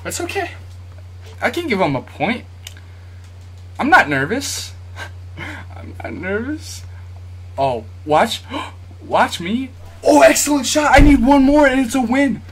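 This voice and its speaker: A YouTube gamer's very high-pitched, sing-song voice, a little slow with a breathy edge, runs through his casual commentary on a basketball video game as he plays. He addresses viewers directly, asks for likes, and shifts from yelps to nervous muttering.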